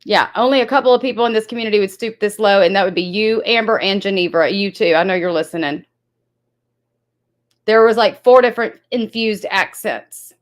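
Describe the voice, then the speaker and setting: A woman's voice: mid-range voice, fairly quick. A woman hosting a livestream, talking bluntly and accusingly to her chat with plenty of swearing. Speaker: livestream host. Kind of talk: heated livestream talk to chat.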